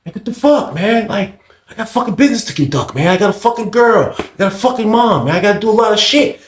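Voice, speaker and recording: A man's voice: high voice, lively intonation, fast, echoey room, a little hiss or hum, voice pushed up. A man voicing a young white dealer who defends himself in a defensive, swearing rant. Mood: irritated.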